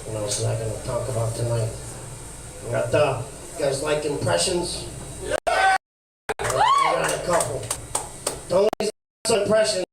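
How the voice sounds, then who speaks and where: A man with a fairly high voice works the room in a brash, crude stand-up persona, tossing off mumbled asides. He sounds far from the mic in an echoey club, with steady noise behind him. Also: a little slow, gravelly, pauses often. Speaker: stand-up comic. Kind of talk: stand-up set in a brash lounge-act persona. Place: comedy club stage, live.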